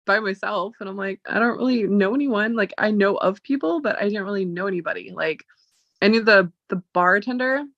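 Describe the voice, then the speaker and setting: A woman vlogs a personal story in a chatty way, packed with "like" and retold dialogue. Her mid-range voice is a little fast, with vocal fry and a fairly bright tone. The audio is dull and lo-fi, with no room sound.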